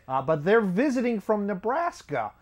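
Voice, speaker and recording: The host of this comedy show has a high-pitched, sing-song voice and a moderate pace. His monologue drifts about, with wry, offhand asides and chuckles at his own humor.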